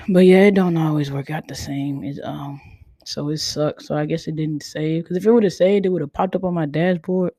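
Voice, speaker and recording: A woman hosting a casual podcast, talking in a laid-back, near-monotone way and sounding tired. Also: deep voice, normal speed, noisy background. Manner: self-described monotone, laid-back delivery. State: tired, sleepy. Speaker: podcast host. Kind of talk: casual chat.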